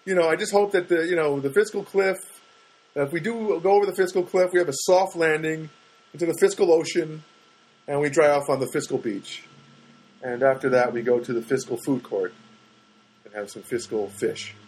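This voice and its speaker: Speaking at a normal speed with a slightly rough voice, a middle-aged man does stand-up on a low-quality recording. He wanders through a comic monologue animatedly, mimicking what people said to him with large pitch swings.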